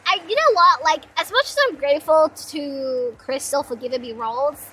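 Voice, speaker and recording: A woman's voice: high-pitched, moderate pace, pushed and bright, a little hiss or hum, low-quality recording. A young woman streaming and chatting casually with viewers, playful and self-deprecating, with frequent giggles. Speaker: streamer, part-time voice actor. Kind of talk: casual live-stream chat.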